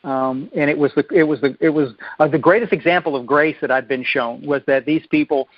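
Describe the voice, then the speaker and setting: A man's voice: a little high, a little fast, no room sound. A middle-aged man from Texas tells his recovery story in a rambling way, with many restarts and stammers. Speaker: speaker sharing a recovery story. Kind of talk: personal testimony talk. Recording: dull lo-fi dry recording.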